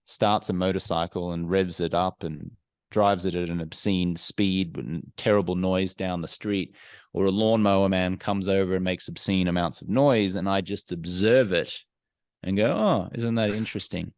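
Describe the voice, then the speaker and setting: A man answers interview questions candidly, measured and thoughtful. His voice sits low. The sound is dry, with little room around it. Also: fairly even intonation, darkish tone, dry recording. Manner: frank, self-examining, measured. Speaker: podcast guest. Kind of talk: candid, reflective interview talk.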